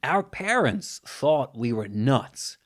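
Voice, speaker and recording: A man with a New Zealand accent, hosting a podcast and telling a story in a casual, animated monologue. He jumps up in pitch to stress his points. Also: takes it slowly. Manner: animated, jumping in pitch for emphasis. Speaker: podcast host.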